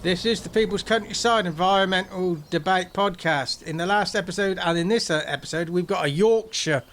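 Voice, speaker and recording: Brief: man, podcast co-host, a touch high-pitched, muses aloud with pauses and ums. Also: fairly bright tone, slight background noise. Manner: reflective, hesitant, many fillers. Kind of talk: casual podcast chat.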